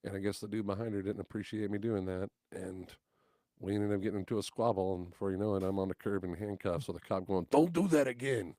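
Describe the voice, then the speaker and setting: A man's voice: sits low, fast, no echo, studio quality. A man, a guest musician on a podcast, telling stories in casual chat and acting out the people he quotes. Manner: animated, acts out quotes loudly.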